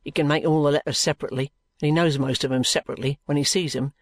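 A reader voicing a sulky, gruff young man who answers in curt, grumbling sentences. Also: medium pitch, steady tone, rapid-fire, no room sound, clean studio sound, close to an everyday voice.

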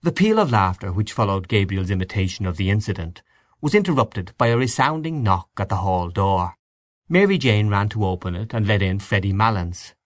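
A man narrating a classic story in a measured, expressive reading. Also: fairly low pitch, no echo.

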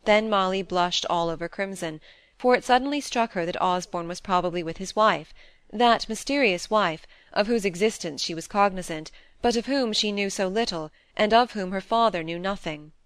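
A woman narrating a classic novel in a calm, measured storytelling voice. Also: mid-range voice, smooth, dry recording. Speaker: audiobook narrator.

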